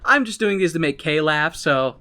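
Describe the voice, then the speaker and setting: A man's voice: a little high, expressive, normal speed, sharp tone. A young man co-hosting a podcast, recapping a musical in casual chat, laughing often and acting out the characters in silly voices. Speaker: podcast co-host.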